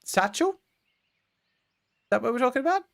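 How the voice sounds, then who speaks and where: A man's voice: very high voice, big pitch swings, moderate pace, gravelly, a bit bright. Dry sarcastic male streamer. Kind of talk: sarcastic game commentary.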